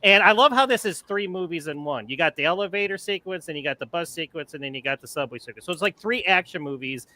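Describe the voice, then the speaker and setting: Fifty-something guy, bright voice, cussing, tripping over his words while telling a story. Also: on the high side, fast, few pauses, poor audio. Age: 50s. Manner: animated, profane, repeats words when excited. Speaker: panel co-host of a live movie talk show. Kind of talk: casual chat, storytelling. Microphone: live online video call.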